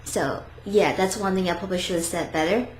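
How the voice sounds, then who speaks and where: A woman's voice: fairly low pitch, brisk, soft background music. Chatty woman teaching in an echoey room. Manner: chatty, hesitant, self-correcting. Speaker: language teacher. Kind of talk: casual video lesson. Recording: echoey room, faint background noise.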